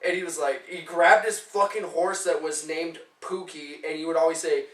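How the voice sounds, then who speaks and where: A man's voice: a little high, moderate pace. A young man co-hosting a casual podcast, telling rambling, profane stories and acting out the people in them. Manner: profane, animated storyteller acting out quotes. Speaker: podcast co-host. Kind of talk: casual chat, storytelling. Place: room shared on a couch. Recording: echoey room, far from the mic.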